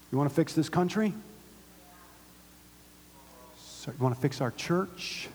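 A man preaching a sermon to his church, with call-and-response and swings from hushed to loud. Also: a little high, measured pace, pauses often. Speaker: pastor. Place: synagogue hall used by a church. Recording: long reverb of a large hall.

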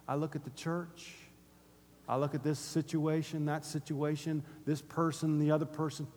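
A middle-aged male pastor preaching a sermon in a church, moving between hushed conversational asides and loud urgent exhortation. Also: a little high, normal speed. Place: church sanctuary. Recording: long hall reverb.

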